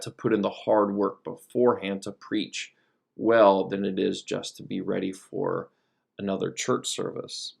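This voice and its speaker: Man, priest giving a lesson, lowish voice, gravelly, conversational with restarts. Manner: conversational, thoughtful, frequent fillers and restarts. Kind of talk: recorded teaching talk over slides.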